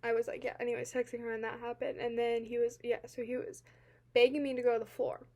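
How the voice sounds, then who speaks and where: A young woman telling a personal account to camera, halting and teary-eyed, full of filler words, swinging between quiet and loud. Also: fairly high pitch, flat delivery. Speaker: vlogger.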